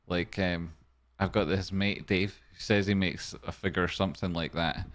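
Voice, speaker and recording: A man's voice: low voice, steady tone, moderate pace. A man hosting a stock stream, giving a comedic market news rundown with wry, jokey asides. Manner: wry, jokey asides, sudden softer murmurs.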